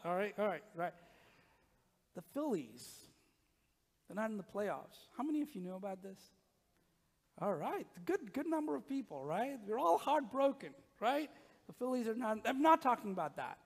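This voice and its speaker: A pastor preaching a conversational sermon to his congregation, often dropping to a hushed near-whisper. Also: high-pitched. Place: church sanctuary. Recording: long reverb of a church sanctuary.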